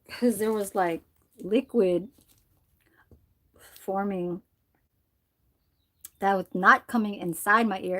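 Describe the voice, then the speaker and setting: A woman livestreamer chatting loosely while she dyes her hair, rambling and swearing, with frequent laughter. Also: medium pitch. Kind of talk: casual chat while dyeing her hair.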